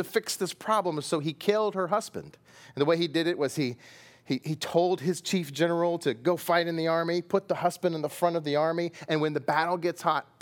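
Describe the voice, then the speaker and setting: A middle-aged Texan pastor preaches with a lively, swinging voice that climbs and dips as he retells the story. His pitch sits a touch higher than most men's, and he acts out the characters and sound effects with animated energy. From Texas. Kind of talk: sermon.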